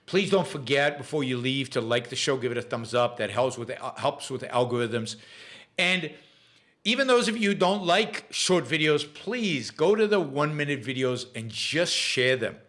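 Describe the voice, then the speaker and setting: A middle-aged man with an Israeli accent, his first language Hebrew, hosts a live stream and answers chat questions. He talks casually at a medium pitch, stopping and restarting often with plenty of ums and uhs. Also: fairly bright tone. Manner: chatty, halting with frequent fillers and restarts. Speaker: podcast host.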